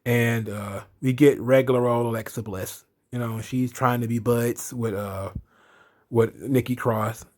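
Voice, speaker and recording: A man's voice: mid-range voice, fairly even intonation, measured pace. A man hosting a casual wrestling recap, blunt and profane, ranting with his own opinions. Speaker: wrestling commentary host.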